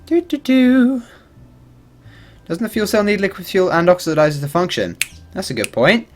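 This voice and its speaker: Soft background music plays as a man with a high voice talks fast during his game livestream. He's animated and rambling, cursing and laughing freely in casual commentary.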